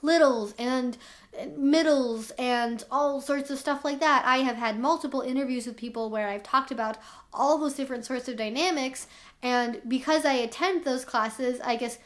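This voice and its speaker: A woman's voice: sits high, normal speed. A young woman vlogging to camera as an educator, explaining herself candidly and with lots of "like" fillers. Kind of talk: talking to camera.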